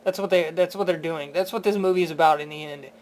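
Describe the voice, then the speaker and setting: A man's voice: fairly high pitch, quick pace, darkish tone, slight background noise. A man reviewing a film in a casual spoken rant. He sounds incredulous and profane, with stammering restarts and laughter.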